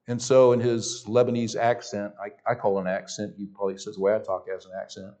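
A man's voice: on the low side, level tone, fast talker, dark tone. A man with a Southern US accent preaching a sermon as pastor in a church, emphatic and prone to repeating his words. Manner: emphatic, repeats phrases, stumbles on restarts.

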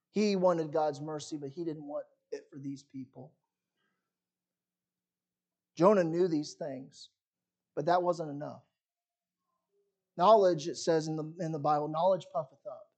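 A man preaching a sermon, reading scripture and swinging between loud emphasis and quiet, dropped phrases. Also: on the high side, fairly even intonation, unhurried, long pauses. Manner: dramatic preaching, rising and falling sharply in volume. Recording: muffled lo-fi recording.

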